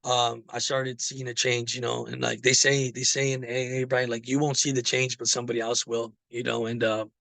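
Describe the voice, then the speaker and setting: A man's voice: mid-range voice, level tone, normal speed, vocal fry, hardly any pauses, a bit bright, dry recording. A man telling his recovery story in a casual, rambling way, with many fillers. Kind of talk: casual personal testimony.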